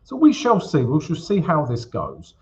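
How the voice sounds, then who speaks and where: A man's voice: fairly high pitch, wildly swooping pitch, normal speed, lo-fi sound. A man hosting a casual live stream about forex trading, chatting loosely with viewers, often calling them guys and using lots of fillers while he walks through a chart.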